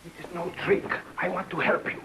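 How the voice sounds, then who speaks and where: An actor playing a guard who urgently offers a prisoner escape, in 1950s TV drama style. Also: male voice, sits high, monotone, brisk, noisy background, close to an everyday voice. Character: male guard secretly helping a prisoner.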